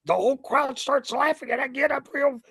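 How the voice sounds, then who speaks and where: An older man with a gravelly, husky voice, a ring announcer telling stories as an interview guest and acting out the scenes. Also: very high-pitched, fairly quick, no echo, poor audio. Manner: lively storyteller who acts out scenes. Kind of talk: animated anecdote telling.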